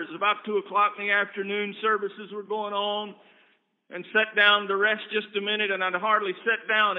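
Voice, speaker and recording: A man preaching a storytelling sermon at a camp meeting, telling earnest anecdotes that swing between loud and hushed. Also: high-pitched. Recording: tinny phone-like recording.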